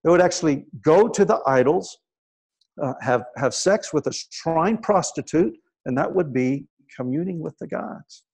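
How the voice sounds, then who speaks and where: A man preaching a sermon, telling scripture stories in a conversational way with frequent "right?" asides, and dropping to a hushed voice for quiet moments. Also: on the high side, expressive, measured pace, gravelly, breathy edge.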